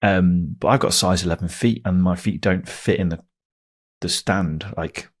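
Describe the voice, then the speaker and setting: A man in his thirties co-hosting a casual football podcast, making dry, wry remarks with halting repeats. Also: sits low, husky. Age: 30s. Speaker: podcast co-host.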